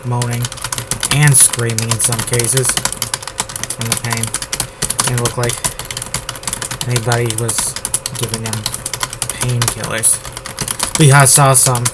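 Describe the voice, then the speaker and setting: A man from the United States drafting his novel out loud, repeating words and phrases as he types them. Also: medium pitch, very noisy. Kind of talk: thinking aloud while drafting a novel. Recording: loud keyboard typing over the voice. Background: keyboard typing.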